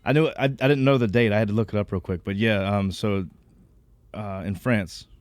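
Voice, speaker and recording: A man's voice: fairly low pitch, fairly even intonation, normal speed, no echo. A man co-hosting a podcast in casual chat, eagerly telling a story. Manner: storytelling, eager, laughs often. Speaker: podcast co-host.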